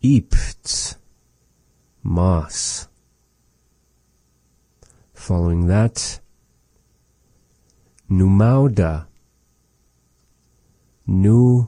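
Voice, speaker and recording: A man giving a casual vocabulary lesson, repeating each word slowly and adding chatty, joking asides. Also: low voice, fairly even intonation, mellow, no echo. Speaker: language teacher.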